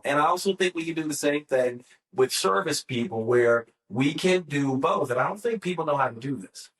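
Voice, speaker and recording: A man's voice: on the high side, normal speed, fairly bright tone. A man co-hosting a podcast in casual conversation, talking in loose, rambling sentences full of fillers and restarts. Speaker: podcast co-host.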